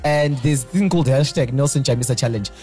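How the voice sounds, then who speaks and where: A man's voice: mid-range voice, fast, over music. A Zimbabwean man hosting a casual podcast chat, joking, laughing and often repeating his words. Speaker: podcast host.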